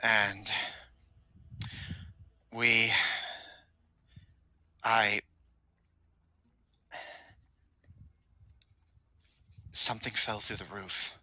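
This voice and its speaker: A polite, formal masked henchman speaks in measured tones, as a male game master puts him on. His voice is low yet very bright. The sound is dry and close. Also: fairly even intonation, no echo, exaggerated voice. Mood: recalling.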